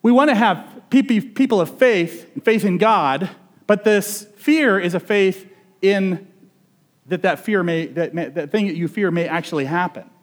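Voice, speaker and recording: A male pastor preaches in a relaxed, conversational way. He often asks his listeners questions as he goes. His voice sits high for a man. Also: measured pace. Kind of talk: sermon.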